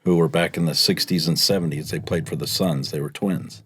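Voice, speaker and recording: A man's voice: brisk, slightly rough, no echo, clean studio sound. A middle-aged man telling work stories in casual chat, acting out what people said in a raised voice. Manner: animated storyteller, acts out quotes in a much higher voice. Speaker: guest, UPS delivery driver. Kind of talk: casual storytelling in a podcast chat.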